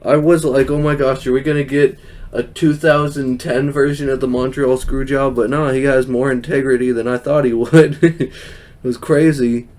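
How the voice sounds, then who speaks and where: A man's voice: medium pitch, steady tone, moderate pace, a little mellow. A young man hosting a podcast, recapping a show in casual, rambling chat, laughing often and quoting people in silly voices. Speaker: podcast host.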